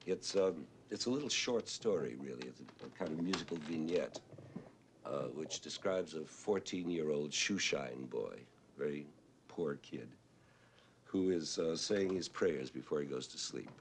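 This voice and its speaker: On television, a composer remembers a friend while discussing songwriting, his husky "whiskey voice" rumbling low with lively intonation over background noise. Thoughtful in manner, he pauses with "uh" and sings examples to illustrate his points.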